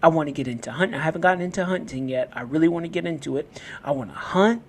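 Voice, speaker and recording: A man's voice: a little high, fast talker, slight background noise. A man hosting a podcast, talking about self-love in a casual, storytelling way and often repeating and restarting his phrases. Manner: conversational, repeats and restarts phrases while telling stories. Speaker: podcast host. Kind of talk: personal motivational talk.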